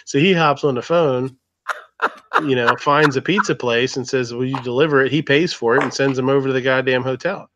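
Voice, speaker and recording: A man of middling pitch chatting easily in a group conversation. His audio is muffled and lo-fi, with the top end rolled off. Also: fairly quick, noisy background. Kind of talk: casual group chat. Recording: dull lo-fi audio.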